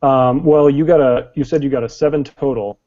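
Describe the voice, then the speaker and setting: Man, game master, tabletop game, explaining rules step by step, fillers, warm mellow tone, muffled lo-fi sound. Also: mid-range voice, fairly even intonation, moderate pace.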